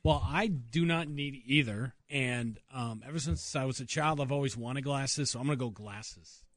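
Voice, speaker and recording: A man co-hosting a casual gaming podcast, reacting with quick interjections. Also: medium pitch, fairly bright tone, dry recording. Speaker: podcast co-host.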